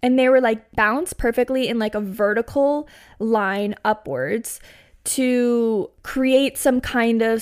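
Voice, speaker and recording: A woman in her twenties hosting a podcast, chatting through a funny personal story with lots of "like" and laughs. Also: fairly high pitch. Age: 20s. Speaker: podcast host. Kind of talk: casual storytelling.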